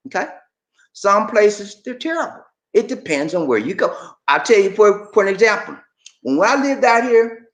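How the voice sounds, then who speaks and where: A man's voice: high voice, a bit bright. A man from Georgia, bluntly lecturing and chatting with viewers as a livestream host. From Georgia, USA. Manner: blunt, preachy, colloquial. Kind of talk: casual livestream chat. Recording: echoey room.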